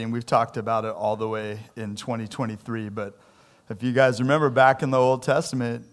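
A middle-aged man preaching a sermon as pastor in a conversational way, acting out quoted lines with shifts in voice. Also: mid-range voice.

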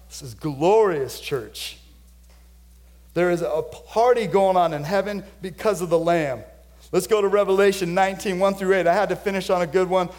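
A male pastor delivers a sermon in church. His voice sits on the higher side for a man, and he swings his volume hard, pulling in close and quiet before lifting into loud, ringing declarations. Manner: dynamic preaching, swings from hushed to loud.

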